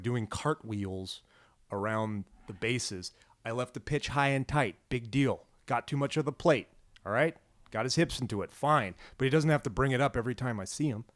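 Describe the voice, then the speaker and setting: A man's voice: mid-range voice, moderate pace, no echo, studio quality. A man co-hosting a casual film podcast, joking around and slipping into mock wrestling-promo bluster. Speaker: podcast co-host.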